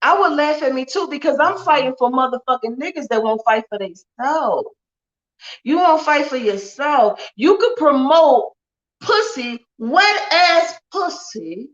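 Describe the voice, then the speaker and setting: A woman's voice: high-pitched, expressive, normal speed, lo-fi sound. A woman talking bluntly and heatedly in a profane livestream rant. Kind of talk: ranting livestream monologue.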